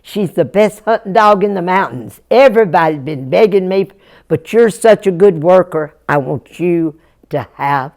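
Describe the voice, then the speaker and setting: A woman's voice: lowish voice, lively intonation, moderate pace, a little mellow. A woman voicing a kindly, generous old farmer in a told folktale, hearty and drawling.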